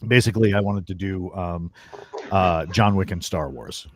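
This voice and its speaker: Low-voiced man telling animated stories. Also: normal speed, noisy background. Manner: animated storyteller, acts out quoted friends. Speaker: guest author. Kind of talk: casual storytelling chat.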